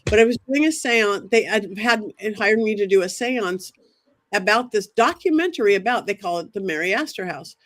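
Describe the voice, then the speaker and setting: A woman, a psychic medium as a guest, telling a dramatic story in an animated way and acting out what people said. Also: mid-range voice, moderate pace. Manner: excitable, quotes herself and others in dramatic asides.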